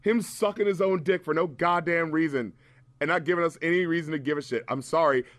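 A man's voice: fairly high pitch, brisk, fairly bright tone, no echo. A man reviewing a rap album in casual podcast chat, ranting with profane, mocking humor.

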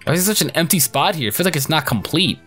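A young man commenting on his own game playthrough, excitable, crude and joking. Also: on the high side, quick pace, soft background music. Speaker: gaming YouTuber. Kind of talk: let's play commentary.

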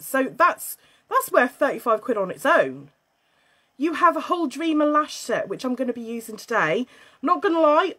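British woman, bubbly and scatty, high voice, chats live at home on her phone. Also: fairly bright tone. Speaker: livestream host selling beauty and wellness kits. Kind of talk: casual livestream chat.

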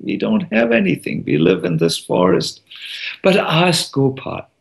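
A man voicing a poor mother who speaks gently and reassuringly in a storybook tale. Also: high-pitched, expressive, unhurried, gravelly, voice pushed up, heavily acted. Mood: plaintive.

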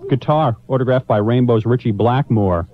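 On a muffled old radio aircheck, a man working as a disc jockey jokes through morning banter in a studio, speaking into a studio microphone. His voice is medium-pitched and moderately paced, and his humor is playful, mock-sentimental, and self-mocking.

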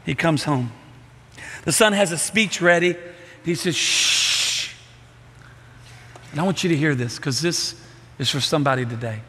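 A middle-aged man preaching a sermon, telling a story with lively acted-out voices. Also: a little high, brisk, slightly rough. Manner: animated storytelling, acting out voices. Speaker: pastor. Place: church sanctuary. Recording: reverberant church hall.

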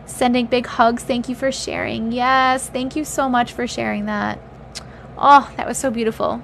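A woman with a slightly high voice hosts a livestream, reading viewers' stories aloud and reacting between lines. She is chatty and blunt as she teases her viewers. A faint noise sits behind her. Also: steady tone, a bit bright. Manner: reads aloud with feeling, pausing to react.

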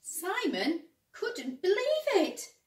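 A woman teacher reading a picture book aloud to children, gentle and expressive. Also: very high-pitched, drawn-out words. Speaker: primary school teacher. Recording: roomy, distant mic.

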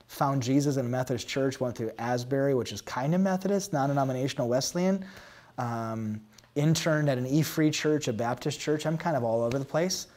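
A pastor in his thirties answering interview questions candidly, acting out past conversations with animated storytelling. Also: medium pitch. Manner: animated storytelling, acts out dialogue.

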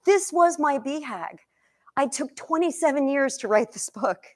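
High, energetic woman addressing an audience. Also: moderate pace. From Egypt. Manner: energetic, questions the audience, emotional. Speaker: nutrition coach and cookbook author. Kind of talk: lively cooking demo talk to a live audience. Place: demo kitchen with audience.

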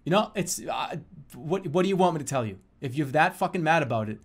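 A young man with a slightly high voice talks through a game at his desk mic, swinging from mumbled grumbling into loud, theatrical fake-furious rants packed with swearing. Game music plays clearly behind him. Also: animated, fast. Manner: theatrical mock-angry ranting, lots of swearing, swings to loud outbursts. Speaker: streamer. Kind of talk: casual live-stream chat while gaming. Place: home streaming setup, seated at a desk.

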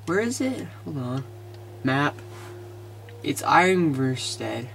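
A man casually commentating his video game, excitable and easily frustrated, muttering to himself. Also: mid-range voice, takes it slowly, creaky, long pauses, soft background music. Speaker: gamer.

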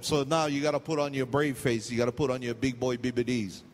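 A man's voice: mid-range voice, little pitch movement, fast, long reverb tail. A middle-aged man from Hawaii with a Hawaiian accent, preaching a sermon, telling stories with jokes and slipping into pidgin. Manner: storytelling, jokey, loose pidgin asides. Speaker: pastor.

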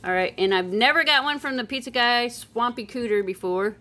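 A woman casually chatting as she unboxes silver pieces, playful and chatty, breaking into excited squeals and sing-song calls. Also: a little high, a little fast. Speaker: silver coin collector vlogger.

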